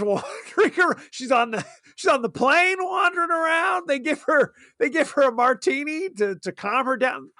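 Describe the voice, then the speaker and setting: A man's voice: very high voice, pushed and bright, dry recording, studio quality. A man co-hosting a podcast in casual chat, recapping with frequent laughs. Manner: chatty, laughs often while recapping. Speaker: podcast co-host.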